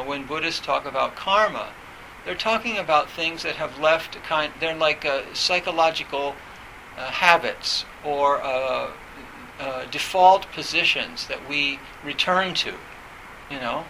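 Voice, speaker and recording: A man giving a reflective talk on meditation, speaking haltingly with many pauses, fillers and restarts. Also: a little high, vocal fry, sharp tone, a little hiss or hum, low-quality recording.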